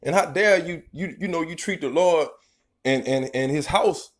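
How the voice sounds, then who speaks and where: A man's voice: fairly high pitch, normal speed. A man preaching an informal, profane sermon. He reads scripture verses, then riffs on them in a rambling, emphatic way and keeps tagging lines with "man". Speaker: street preacher.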